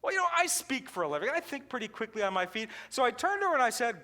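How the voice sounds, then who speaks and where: A man giving a keynote talk, telling a story in an animated way with frequent laughs. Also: very high voice, quick pace. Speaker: customer service keynote speaker.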